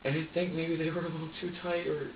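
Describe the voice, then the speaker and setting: Halting, agitated man in an echoey room. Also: fairly high pitch, little pitch movement, a little hiss or hum. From upstate New York. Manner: agitated, halting, many restarts and curses. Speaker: suspect being questioned. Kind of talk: police interrogation statement. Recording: echoey room, distant mic, muffled.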